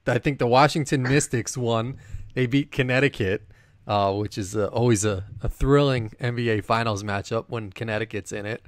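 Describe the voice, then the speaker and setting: A man co-hosting a sports podcast in casual chat, rambling and animated, laughing often. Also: medium pitch, moderate pace, no echo. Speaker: podcast co-host.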